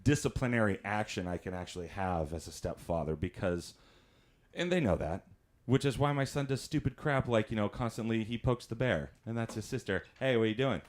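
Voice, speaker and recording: Stand-up man with a lower voice, very animated delivery, chatty and laughing. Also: fairly quick. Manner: chatty storytelling, laughs at his own jokes, acts out voices. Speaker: stand-up comedian. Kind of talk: stand-up comedy.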